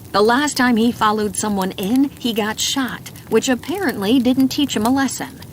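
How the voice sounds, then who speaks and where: Woman reading a mystery story, calm and steady, fireplace crackle soft behind. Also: medium pitch. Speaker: audiobook narrator. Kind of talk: scripted first-person narration.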